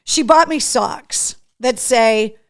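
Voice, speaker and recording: A woman hosting a casual live show, chatty and excitable, talking to her dog between opening gifts from fans. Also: a little high, slow, no echo, clean studio sound. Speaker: host.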